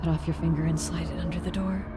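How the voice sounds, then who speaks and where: A woman's voice: low voice, level tone, fast talker, noisy background, lightly acted. A woman voicing a terrified, paranoid man locked in his house, who pleads frantically and keeps repeating himself.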